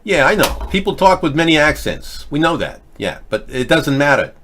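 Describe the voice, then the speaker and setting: A man's voice: a little high, very animated, normal speed, hardly any pauses, fairly bright tone. A man in his fifties hosting a political chat show, talking in a rambling way with frequent hesitations. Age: 50s. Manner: rambling, many hesitations and restarts. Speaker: host. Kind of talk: casual political commentary.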